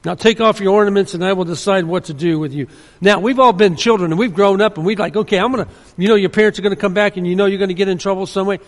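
A man's voice: high voice, fast. A man preaching a sermon, earnest and emphatic, often restarting his sentences. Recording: long hall reverb.

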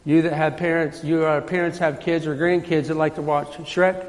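A man's voice: fairly high pitch, little pitch movement, moderate pace. A man preaching a sermon in a church, emphatic and repetitive, his voice rising when he quotes scripture. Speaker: pastor. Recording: hall reverb.

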